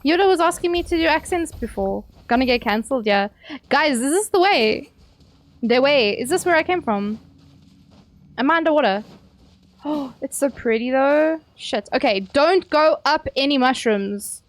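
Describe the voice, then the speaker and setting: A woman's voice: high voice, lively intonation, normal speed. A woman streaming a video game, chatting playfully with her viewers and swearing freely as she plays. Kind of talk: casual gameplay commentary.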